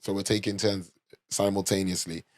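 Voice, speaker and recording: A man's voice: sits low, flat delivery, normal speed, no room sound. A young man from London with a London accent, hosting a podcast and telling a casual, swearing story full of "like" and "you know". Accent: London English. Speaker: podcast host.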